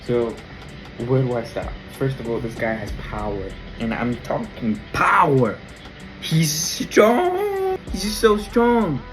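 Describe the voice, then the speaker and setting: A man giving a casual, excited faith reflection, telling the story in slangy everyday talk and exclaiming in wonder. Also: medium pitch, low-quality recording. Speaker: Christian vlogger.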